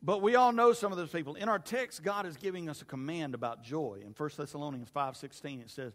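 High-voiced preacher in an echoing church. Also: male voice, fast talker, few pauses. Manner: animated and humorous, talks to the congregation. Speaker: pastor. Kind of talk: sermon.

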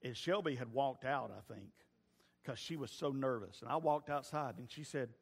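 A man's voice: mid-range voice, moderate pace, vocal fry, husky. A man preaching a sermon, telling folksy family stories with stumbling restarts. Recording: long reverb of a large hall.

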